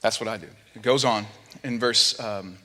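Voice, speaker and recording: A man, a pastor, preaching a sermon in a church, telling a story with acted-out voices and sinking low and quiet for the serious points. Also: moderate pace, in a large hall. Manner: animated storytelling, acts out quoted voices, drops low and quiet for somber points. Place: church sanctuary.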